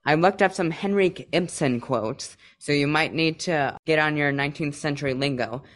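A man's voice: on the high side, normal speed, a bit bright. A man co-hosting a casual chat, playful and mock-theatrical as he sets up a game. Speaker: co-host.

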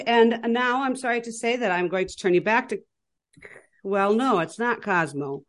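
Bubbly woman co-host with a higher voice. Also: normal speed. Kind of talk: casual chat.

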